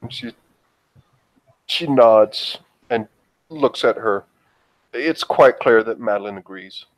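A man's voice: fairly low pitch, no echo, poor audio. A man running a tabletop role-play, narrating and musing aloud in character. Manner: musing, unhurried.

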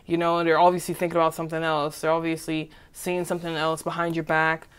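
A tarot reader with a low, monotone voice talks fast, her tone clear and resonant. She gives a casual, chatty reading, rambling and repeating herself while constantly checking in with "okay?".

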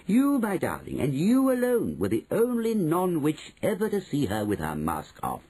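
A shrewd, bold old grandmother, put on by a male audiobook reader, who speaks slowly and with calm, knowing weight. The voice is dark and deeply breathy, with a lively swing in pitch. It suits an audiobook story. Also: heavily acted, rough recording. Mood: measured. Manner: slow, measured and knowing. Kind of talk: audiobook reading.

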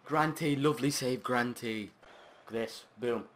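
A man commentating his own football video game match, chatting along and breaking into shouted, sweary outbursts at the play. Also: medium pitch, moderate pace. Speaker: gaming channel host.

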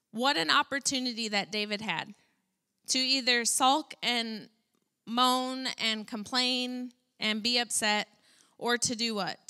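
A woman delivers a sermon in a relaxed, talky way, her voice bright and ringing. She sits a little high in pitch and keeps the message lively. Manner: conversational, animated preaching with fillers. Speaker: preacher. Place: church.

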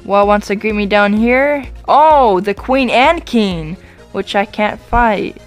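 A woman talks through her gameplay in a casual, chatty let's-play voice at an ordinary mid pitch. She apologizes often and breaks into quick, excited exclamations, with faint music in the background. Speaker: YouTube gamer.

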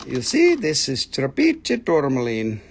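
A man hosting a live gemstone sales stream from home, excitable and casually swearing as he calls out prices. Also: medium pitch, measured pace, slight background noise. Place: home, with his dogs nearby.

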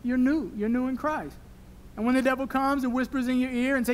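A young man preaching a sermon at a church service, animated and emotional, later praying softly. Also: very high voice, brisk. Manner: animated, emotional preaching that drops to a soft prayer. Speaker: pastor.

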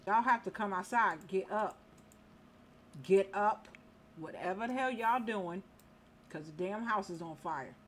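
A woman's voice: mid-range voice, moderate pace, fairly bright tone, slight background noise. A woman casually commentating a life-simulation game, scolding the characters in exasperation. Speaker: gameplay commentator. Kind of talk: casual let's-play commentary.

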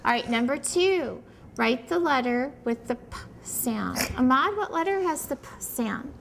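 A woman's voice: high-pitched, animated, a little slow, vocal fry, background noise. A woman teacher patiently guiding young children through a handwriting and letter-sound lesson at a small classroom table, praising them often.

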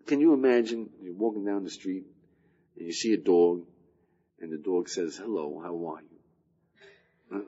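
In a recorded lecture, an older American rabbi teaches a class, filling it with rhetorical questions and chuckles. His mid-range voice is husky with a darkish tone, and the highs are cut off.

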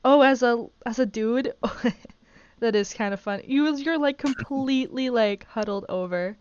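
A woman hosting a casual live stream while gaming, gushing and excitable as she rambles along. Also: on the high side, a little slow, clean tone, no room sound, highs cut off. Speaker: streamer host.

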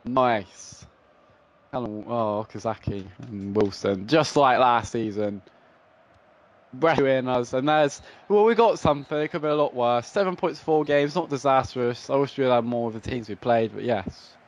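A young man commentating his own football video game play, swinging between frustrated groans and excited shouts. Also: mid-range voice, normal speed. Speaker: gaming YouTuber. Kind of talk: live gameplay commentary.

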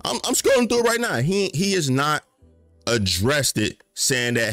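A man's voice: normal speed, no echo, faint music behind. Fired-up man ranting on a dry mic. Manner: animated, passionate, swings from high-pitched outrage to low muttering, uses slang. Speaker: commentary vlogger. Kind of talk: casual commentary rant.

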